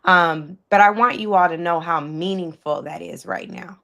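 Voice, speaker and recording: A woman's voice: fairly low pitch, moderate pace, creaky, fairly bright tone. A woman hosting a live online panel, speaking with heartfelt emotion and rallying her guests. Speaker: host.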